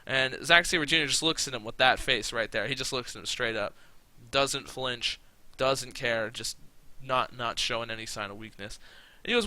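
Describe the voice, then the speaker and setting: A man gives casual let's-play commentary, rambling and swearing freely with plenty of laughs. His voice is very bright and his pitch moves a lot. He talks at a middle pitch for a man. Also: lively intonation, a little fast, no echo. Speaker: gaming channel host.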